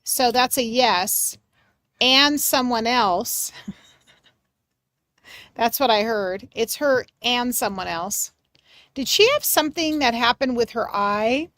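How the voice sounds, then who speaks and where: A woman hosting a live mediumship reading for her chat, gentle and reassuring, searching for words with many pauses and fillers. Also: on the high side, lively intonation, dry recording, studio quality. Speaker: medium and livestream host.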